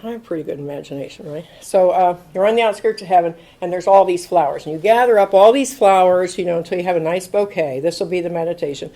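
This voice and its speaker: A woman's voice: fairly low pitch, fast, hardly any pauses, rough recording. A woman in her sixties giving a recovery talk, telling stories with acted-out quotes and frequent laughter. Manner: animated storyteller, acts out quotes, laughs often. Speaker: AA speaker.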